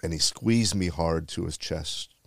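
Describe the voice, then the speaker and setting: Earnest and heartfelt, a retired Bronx firefighter shares a personal story, repeating certain phrases. His low voice is creaky yet fairly bright in tone, delivered at a measured pace. It's a dry, studio-quality recording.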